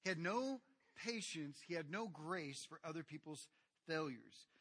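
A man preaching a sermon to his congregation, addressing them directly and swinging from quiet asides to loud, animated retellings. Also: on the high side, unhurried, breathy edge. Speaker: pastor.

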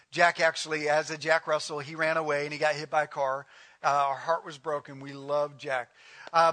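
Man, middle-aged pastor, high voice, animated storytelling sermon. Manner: animated storytelling with laughs and asides.

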